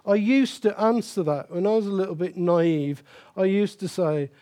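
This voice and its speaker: A man's voice: a little high, normal speed, few pauses, warm tone. An older man preaching a sermon as pastor, emphatic and repeating key phrases for stress.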